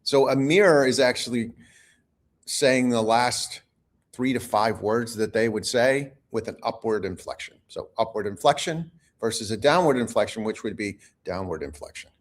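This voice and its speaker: A man, a negotiation expert guest, explaining techniques in a measured, instructive way during an interview. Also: medium pitch. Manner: measured, instructive, teaches in short points.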